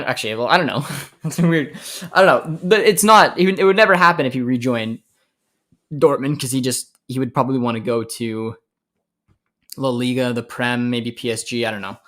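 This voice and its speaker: A man's voice: mid-range voice, fairly bright tone. A young man from Canada hosting a casual live stream, reading viewer comments aloud and answering them with frequent laughs. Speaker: host.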